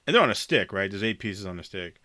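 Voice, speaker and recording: A man's voice: on the low side, expressive, fast talker, bright, forceful tone, no room sound, studio quality. A man telling a rambling, profane story in a casual chat, laughing often as a podcast co-host.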